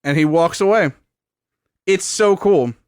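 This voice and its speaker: A man co-hosting a casual podcast, retelling film scenes with enthusiasm and dropping into a hushed voice for quoted lines. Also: on the high side, measured pace, clean tone, no echo, clean studio sound. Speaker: podcast co-host recapping a film. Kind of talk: casual chat.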